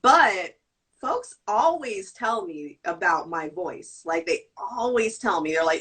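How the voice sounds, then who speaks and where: A woman hosting a live-stream interview, speaking excitably and talking up to an iPad set some distance away. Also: mid-range voice, unhurried, slightly rough. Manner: excitable, exclaiming. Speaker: interviewer host.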